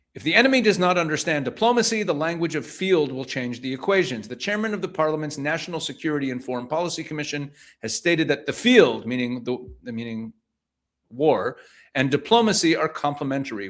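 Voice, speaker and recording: A man works through a run of news items, reading each one aloud before restating it bluntly in his own words. His voice sits a little higher than most men's, and he presses his points with rhetorical questions. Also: a bit bright. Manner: reads passages then paraphrases them pointedly, with rhetorical questions. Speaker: news commentator. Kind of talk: reading headlines aloud and commenting.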